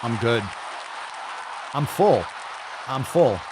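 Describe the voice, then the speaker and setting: A man's voice: medium pitch, expressive, very slow, over a noisy crowd, very noisy. A man hosting a podcast, ranting casually with heavy swearing and repeating phrases for emphasis. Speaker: podcast host.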